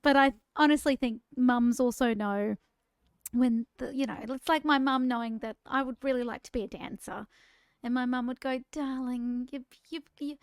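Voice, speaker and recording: A woman's voice: a little high, fairly even intonation, normal speed, clean tone, no room sound, clean studio sound. A woman co-hosting a podcast in casual chat, laughing often and restarting her sentences. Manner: warm, chatty, laughs often, repeats words when starting sentences. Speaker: podcast co-host.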